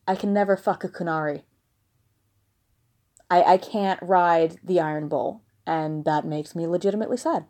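A woman's voice: on the low side, moderate pace, warm tone. A woman from the American South reading listener questions aloud and answering them frankly, with laughing asides. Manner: frank, blunt, giggly asides. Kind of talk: casual question-and-answer monologue. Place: at home with a dog nearby.

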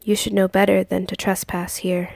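A woman playing a menacing man-beast of the woods, speaking in a low, threatening growl. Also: flat delivery, moderate pace, gravelly, a little mellow, no echo.

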